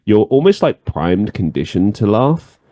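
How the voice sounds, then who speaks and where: A man's voice: lowish voice, unhurried, dry recording, studio quality. A man hosting a podcast, telling stories in casual chat with plenty of swearing and laughter. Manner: animated storyteller, swears freely, laughs often. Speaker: podcast host.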